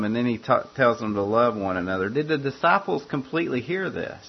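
A man preaching a verse-by-verse sermon in a measured, repetitive way, often restarting his phrases. His voice sits at an ordinary middle pitch. The recording is dull and lo-fi, with a low mains hum running underneath. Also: expressive, gravelly, breathy edge. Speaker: pastor. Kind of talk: expository sermon.

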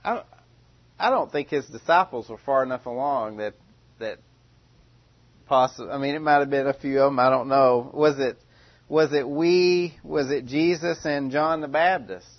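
A man's voice: medium pitch, normal speed, dull audio. A man preaching a sermon in a conversational, questioning way, often restarting his phrases.

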